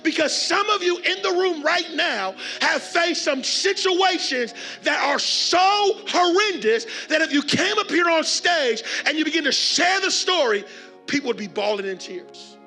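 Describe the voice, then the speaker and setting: A man delivering a motivational keynote to a conference crowd, preacher-style, with call and response and shouted refrains. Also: extremely high pitch, unhurried, few pauses, faint music behind. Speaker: keynote speaker. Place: large conference hall with audience.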